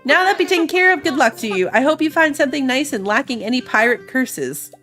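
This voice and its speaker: A woman's voice: high-pitched, expressive, fast talker, music in the background. A woman voicing an old male shark pirate who is jolly and boastful, talking in a hearty pirate drawl with laughs.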